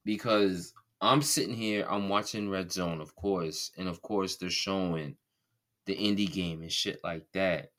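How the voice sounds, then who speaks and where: Bright-voiced man ranting on a podcast. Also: low voice, a little slow. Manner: heated, profane ranting. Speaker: podcast co-host. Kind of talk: casual sports chat.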